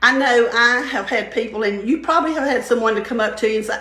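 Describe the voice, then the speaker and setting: A woman's voice: fairly high pitch, fast talker, a bit bright. An older woman giving a casual devotional talk, chatty and storytelling, laughing often. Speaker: vlogger sharing faith-based encouragement. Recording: roomy echo.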